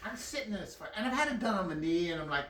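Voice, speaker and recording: A man's voice: sits high, animated, very fast, fairly bright tone, roomy sound, far from the mic. A man telling a long personal story in casual, profane talk, laughing as he goes.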